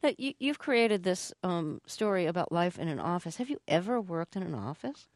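A woman's voice: on the low side, big pitch swings, normal speed, dry recording, clean studio sound. A woman interviewer who asks curious questions and laughs easily. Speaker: interviewer, host. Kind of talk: radio-style interview.

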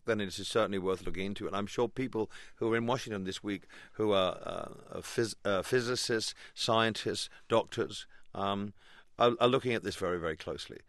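A man's voice: lowish voice, fairly bright tone, no room sound, studio quality. A man speaking as a guest on a radio interview, hesitant, with many ums and restarts.

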